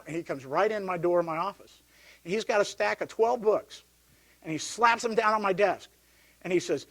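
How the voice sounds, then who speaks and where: A middle-aged man, a deacon, telling his personal story to a parish gathering, lively when he recounts the yelling. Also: high-pitched, fairly quick. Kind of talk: personal testimony talk. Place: parish hall.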